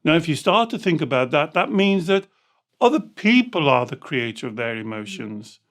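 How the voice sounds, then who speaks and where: A man's voice: fairly high pitch, normal speed. A man hosting a podcast as a coach, telling client stories and acting out their dialogue. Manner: animated storytelling, acting out dialogue. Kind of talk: podcast discussion with anecdotes.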